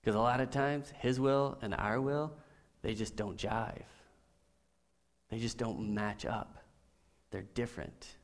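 A middle-aged man preaching a sermon as a pastor, telling stories with animation and swinging from soft to loud. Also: medium pitch, steady tone, slow, long pauses.

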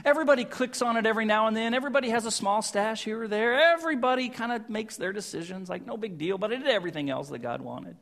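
A man voicing a brash, boastful king who is full of excuses, talking loud, fast and eager. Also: very high voice, pitched above the performer's own voice. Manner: loud, fast, eager, talks over himself.

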